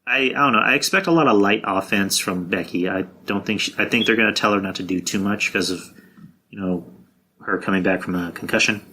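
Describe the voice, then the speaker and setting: A man hosting his own podcast, talking loosely and bluntly with plenty of swearing and restarts. His voice is bright and forceful and sits a little low for a man. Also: a little fast, husky. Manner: blunt and profane, with frequent restarts. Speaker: podcast host. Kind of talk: casual wrestling predictions monologue.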